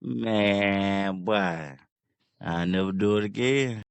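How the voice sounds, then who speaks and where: A man's voice: lowish voice, takes it slowly, smooth, dry recording. A man co-hosting a podcast, chatting in a laid-back way and telling a short story. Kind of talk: casual chat.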